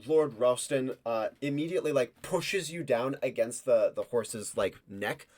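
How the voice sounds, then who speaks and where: A man narrating a tabletop role-play game as game master, with halting phrasing and the occasional acted line for the knights. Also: mid-range voice, darkish tone. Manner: halting narration with many fillers and restarts, acting out knights' lines.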